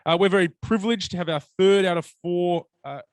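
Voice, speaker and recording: A man hosting a city lunchtime meeting, friendly and a little halting, who also reads a Bible passage aloud on a handheld mic. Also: high-pitched, dry recording. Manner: friendly, a bit halting with fillers. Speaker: event host. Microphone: shared handheld mic.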